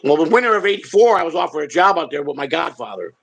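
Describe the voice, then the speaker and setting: An older man tells long stories in a rough, gravelly voice. His tone is husky and slightly raised in pitch. He rambles, swears freely and stumbles over repeated words. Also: lively intonation, fast talker, rough recording. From Chicago. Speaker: show host telling stories. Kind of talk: casual storytelling chat.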